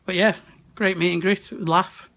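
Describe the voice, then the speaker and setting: With a high, steady voice marked by vocal fry and a sharp tone, a young West Midlands vlogger talks at a measured pace into a handheld camera at arm's length. He chats casually at a wrestling event, laughing and swearing often.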